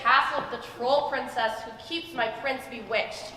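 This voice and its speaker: A woman's voice: fairly high pitch, moderate pace, pushed and bright. A woman playing an earnest, determined young heroine. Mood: awed. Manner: earnest, polite. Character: determined young girl on a quest for her prince. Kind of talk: stage play acting. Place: school theater stage. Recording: distant, echoey theater hall.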